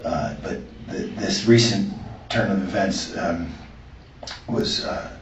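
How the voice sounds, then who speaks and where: A man being interviewed, giving an earnest, halting account of a conversation he recorded. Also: low voice, a little hiss or hum. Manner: earnest, halting retelling with restarts. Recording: echoey room, far from the mic, muffled.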